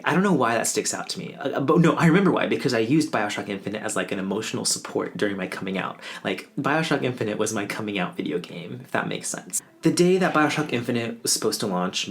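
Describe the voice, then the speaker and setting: A man's voice: fairly low pitch, creaky. A man in his twenties telling a personal story in a casual, wry, offhand way, mocking himself now and then. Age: 20s. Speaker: vlogger.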